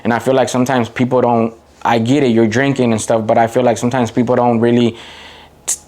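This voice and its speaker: A middle-aged man from the Waukegan area, a podcast guest telling stories in casual chat, rambling with lots of fillers and getting animated when he quotes people. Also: medium pitch, fast talker. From Waukegan area, Illinois. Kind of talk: casual interview storytelling.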